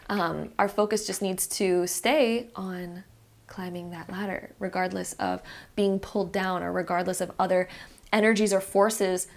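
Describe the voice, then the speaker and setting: A young woman giving a pick-a-card tarot reading in a chatty, encouraging way, speaking straight to the viewer. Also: mid-range voice. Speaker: tarot reader.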